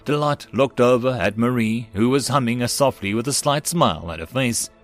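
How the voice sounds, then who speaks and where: Man narrating a story over faint music. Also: medium pitch. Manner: measured, descriptive storytelling.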